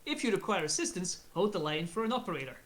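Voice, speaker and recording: A man voicing an automated ship intercom in a slow, formal, mechanical way. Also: high voice, big pitch swings, a bit bright.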